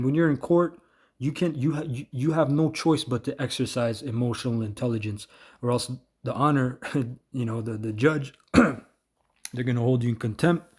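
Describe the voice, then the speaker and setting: A man's voice: mid-range voice, darkish tone, husky. A man preaching a blunt, conversational street sermon, full of swearing and filler, who raises his voice to act out the exchanges he quotes.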